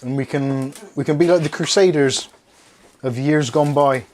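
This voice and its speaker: A man's voice: on the high side, normal speed, darkish tone. A man from England hosting a casual unboxing video, rambling and joking while he chats with his household and his viewers. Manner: rambling, jokey, talks to pets and chat. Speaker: tech video host.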